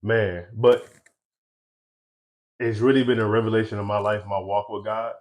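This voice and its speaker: A young man talking as a guest in a casual interview, relaxed and laughing often, with easygoing slang. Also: fairly low pitch, moderate pace. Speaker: guest, eyewear brand founder.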